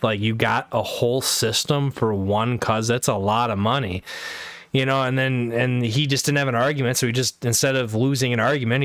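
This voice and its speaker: A man's voice: medium pitch, a bit bright, dry recording. Guy livestreaming, rambly and swears a lot, like like like, dry close mic. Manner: rambling, profane, many fillers and restarts. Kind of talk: casual chat.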